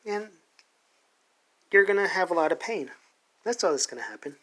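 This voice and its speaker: A man voicing a sadistic male torturer from a comic, slow and menacing, sinking to a whisper. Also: sits high, lively intonation, pushed and bright, pitched above the performer's own voice. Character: sadistic male torturer who sculpts flesh.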